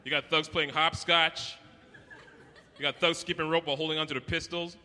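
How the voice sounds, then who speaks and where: This Canadian comic performs a profane, brash set live, slipping into different voices. His voice is a little high, bright and forceful with a steady tone, at normal speed, and the recording comes from an echoey hall with faint noise.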